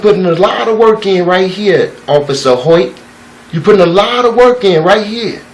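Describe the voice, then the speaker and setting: High-voiced man preaching with profanity. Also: poor audio. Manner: loose, profane, preachy storytelling. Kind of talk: spiritual talk with a parable.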